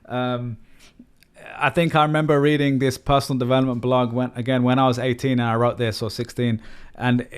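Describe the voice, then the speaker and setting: A man hosting a casual podcast interview, telling a story in a relaxed way with casual fillers. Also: mid-range voice, fairly quick, clean tone. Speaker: podcast host.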